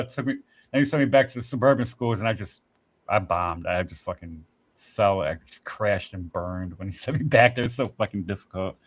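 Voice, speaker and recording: A man's voice: on the low side, a bit bright. Profane, rambling man telling stories. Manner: rambling, profane storytelling with acted-out quotes. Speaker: podcast host. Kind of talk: casual podcast chat.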